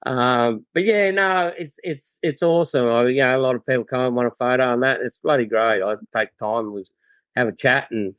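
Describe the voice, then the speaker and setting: An Australian man guesting on a podcast, telling stories in a relaxed way with many fillers and restarts. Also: mid-range voice, normal speed, dry recording, lo-fi sound. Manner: laid-back storyteller, lots of fillers and restarts. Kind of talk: casual chat.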